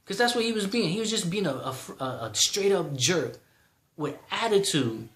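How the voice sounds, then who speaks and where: A man's voice: sits high, lively intonation, normal speed, fairly bright tone, roomy sound. A man in his thirties ranting in a vlog, heated and exasperated, repeating himself. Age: 30s. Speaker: vlogger.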